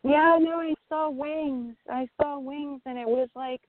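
A high-voiced woman caller speaks slowly and gushes with emotion. Her voice comes through a phone line with other voices behind it. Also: steady tone, no room sound. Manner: emotional, gushing. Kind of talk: call-in chat.

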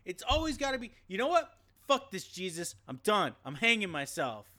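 A man's voice: high voice, sing-song, normal speed, pushed and bright, voice pushed up, full character voice. A man putting on the voice of an exasperated, fed-up young man who is done with everything, ranting indignantly in a comedy podcast bit.

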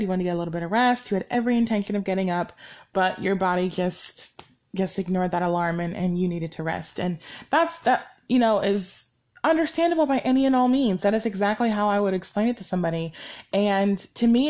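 A young woman speaks as the host of her own podcast, in a candid monologue that rambles along. She stops to correct herself again and again and sounds short on sleep. Her pitch sits in the middle of the usual range. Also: fairly quick, darkish tone. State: sleep-deprived. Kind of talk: personal reflective monologue.

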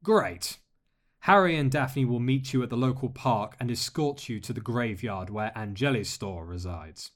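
A man playing a calm, wry masked lord. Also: medium pitch, close to an everyday voice. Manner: measured and polite, dry humor.

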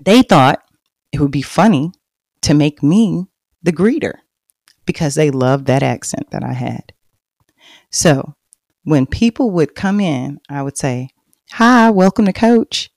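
Texan woman in her 30s talking about her life on her podcast, chatty then hushed, dry close mic. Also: deep voice, unhurried, long pauses, no echo. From Texas. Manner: chatty and confiding, lively and loud when bragging, hushed and reflective later. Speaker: podcast host. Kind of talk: personal storytelling monologue.

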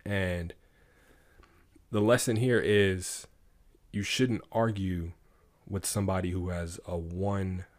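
Deep-voiced man telling a fable. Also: slow pace, pauses often, no echo, clean studio sound. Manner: relaxed, moralizing, tells fables. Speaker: podcast co-host. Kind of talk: casual chat, storytelling.

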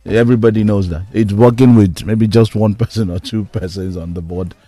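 A man on a sports talk panel, giving measured, assertive analysis. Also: lowish voice, steady tone, warm tone, no echo, soft background music. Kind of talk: casual chat, analysis.

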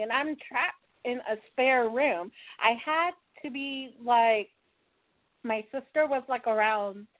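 A woman with a slightly high voice recounts her childhood in a plainspoken, earnest testimony, often pausing to check in with the listener. The sound is thin and tinny, like a phone line. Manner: earnest, plainspoken, with fillers like "right?". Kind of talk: personal testimony.

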